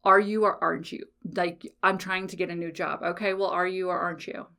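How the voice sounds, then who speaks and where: A woman's voice: fairly low pitch, level tone, fairly quick, vocal fry, bright, forceful tone. A woman hosting a solo podcast, talking frankly and casually, swearing freely and often checking in with "okay?". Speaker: podcast host.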